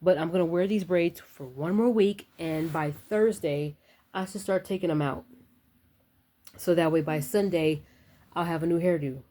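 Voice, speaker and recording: A woman's voice: fairly low pitch, normal speed, mellow. A young woman chatting casually to her phone camera at home, rambling and talking straight to her viewers. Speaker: vlogger.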